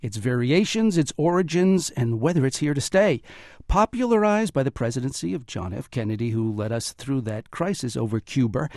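A man's voice: medium pitch, expressive, normal speed, darkish tone, no echo. A man hosting a public radio talk show in the studio, introducing guests and taking callers. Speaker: radio host. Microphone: studio mic.

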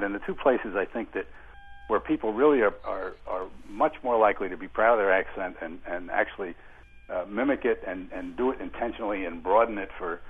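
A man with a very deep, husky voice calls in to a radio talk show. He tells his story in a rambling way. He comes through a thin telephone line. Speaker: caller.

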